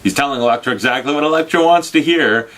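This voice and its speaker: A man's voice: medium pitch, fast talker, a bit bright. A young man giving a casual, sarcastic movie review, ranting, swearing and acting out mock dialogue. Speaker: film reviewer. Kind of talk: casual spoiler review rant.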